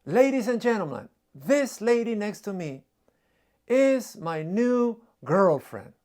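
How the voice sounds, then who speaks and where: A man's voice: sits high, very animated, takes it slowly, darkish tone, voice pushed up, full character voice. A man voicing a bold, joking young man who is smitten and eager. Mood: playful.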